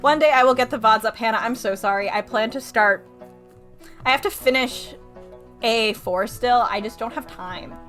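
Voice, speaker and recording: A woman's voice: a little high, normal speed, a bit bright, faint music behind. A woman streamer casually commenting on a story game, chatting to her viewers and laughing often.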